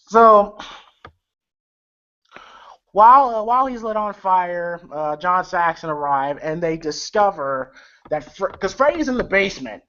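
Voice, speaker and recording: A man's voice: high-pitched, lively intonation, unhurried, pauses often, sharp tone, clear, resonant tone. A man recapping a film in a loose, rambling way, with lots of fillers, swearing and chuckles. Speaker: movie reviewer. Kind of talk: casual movie recap. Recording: lo-fi with faint noise.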